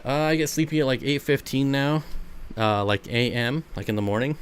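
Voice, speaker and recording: A man hosting a casual livestream from home, chatting with viewers and cooing to his dogs in a high voice. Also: normal speed, noisy background. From United States. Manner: coos to his dogs in a high baby voice, talks back to chat. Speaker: livestream host of an aquarium channel.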